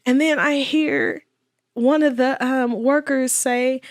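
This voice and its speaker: A woman's voice: fairly high pitch, takes it slowly, no room sound, clean studio sound. A woman guest in an interview telling a personal story with earnest faith and quoted dialogue. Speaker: guest, widow.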